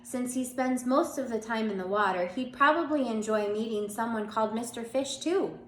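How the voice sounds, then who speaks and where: A woman with a fairly bright, high-leaning voice reads a children's chapter book aloud at a moderate pace, voicing the characters and making small slips and restarts. She sounds a bit stuffy from allergies and coughs now and then, in an echoey room with a faint hum in the background.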